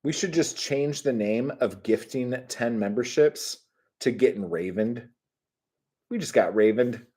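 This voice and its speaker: A middle-aged man hosting his own livestream, chatting casually, rambling and swearing with sudden bursts of excitement. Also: mid-range voice, measured pace, slightly rough. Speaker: channel host.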